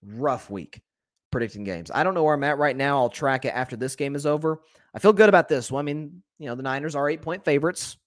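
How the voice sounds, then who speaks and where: A man delivers a solo sports talk monologue in a slightly higher-than-usual voice, recorded dry with no room echo. He is opinionated and candid, speaks to his listeners as folks, and corrects himself on the fly. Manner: conversational with quick self-corrections. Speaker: sports podcast host.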